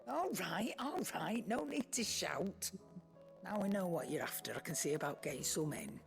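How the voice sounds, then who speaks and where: An actress playing a gruff, teasing caretaker in a video game, with a dry manner. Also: female voice, lowish voice, big pitch swings, normal speed. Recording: video game audio with music.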